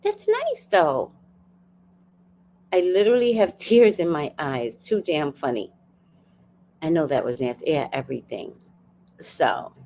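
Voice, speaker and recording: A woman in her fifties hosts a livestream, telling stories casually to her live chat in a lively, low voice that swings up and down. She speaks at a measured pace with frequent pauses, acts out the people involved, laughs easily and swears freely, over a little hiss or hum.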